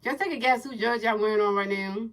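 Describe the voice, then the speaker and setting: A woman livestreaming a baseball video game, giving playful play-by-play commentary, teasing her chat with repeated questions and sing-song pitch calls. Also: quick pace, fairly bright tone, low-quality recording. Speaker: gaming livestreamer.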